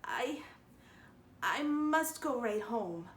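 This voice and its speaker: A woman voicing a young girl who feels sick and dizzy, speaking slowly and haltingly. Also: fairly high pitch, animated, a little hiss or hum. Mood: woozy. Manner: slow, halting and breathy. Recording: roomy echo.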